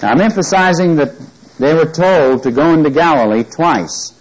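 His voice sits on the high side at normal speed, captured in a rough recording. Teaching a Bible study, he reads scripture emphatically and keeps asking listeners questions to check they follow.

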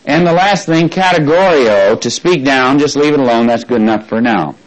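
A man teaching a Bible study as a sermon. He asks the congregation questions and repeats key phrases, slowing down to spell out what words mean. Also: mid-range voice, poor audio.

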